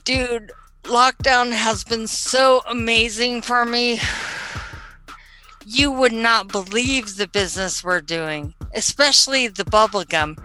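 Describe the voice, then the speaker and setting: A woman playing a ditzy young stoner who sells edibles, with spacey valley-girl chatter that breaks into shrill outbursts. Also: takes it slowly, bright, forceful tone, soft background music. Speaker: comedy sketch character. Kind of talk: comedic character monologue.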